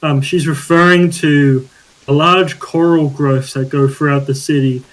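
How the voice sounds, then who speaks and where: Man, game master, slightly high voice, relaxed narration, online call. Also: measured pace, low-quality recording.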